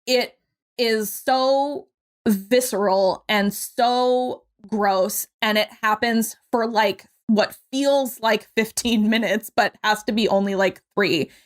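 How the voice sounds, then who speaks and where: A young adult woman co-hosting a podcast, casually recapping a movie with lively quoted voices and the odd swear word. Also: on the high side, takes it slowly. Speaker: podcast co-host.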